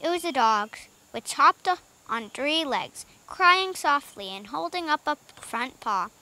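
A woman reading a children's book aloud in an expressive, lively way, with small slips now and then. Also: high-pitched, a little slow. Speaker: audiobook reader.

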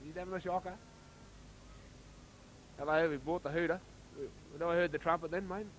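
An Australian man giving casual, chatty commentary on a local rugby league match, getting excited when play heats up. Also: a little high, brisk, slight background noise, rough recording.

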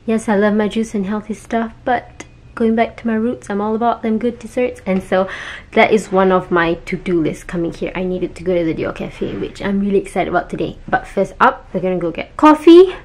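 A young woman from Malaysia chatting to camera in a casual travel vlog, upbeat and full of quick asides. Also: mid-range voice, steady tone. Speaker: travel vlogger.

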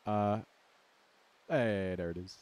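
With game music running underneath, this man, whose first language is Dutch, talks through his stream in a silly, self-mocking way, humming at times. His voice sits on the low side, slow and a little mellow, with a clean tone.

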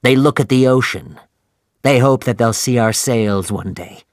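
A man voicing an earnest, quiet first mate on a whaling ship in an audiobook. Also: mid-range voice, a little slow, no echo, clean studio sound, lightly acted. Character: worried male first mate, steady.

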